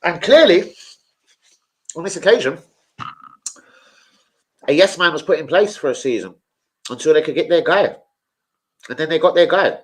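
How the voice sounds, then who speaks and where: A man's voice: a little high, lively intonation, moderate pace, long pauses. A young man chatting casually about football as a streamer, slangy and sweary.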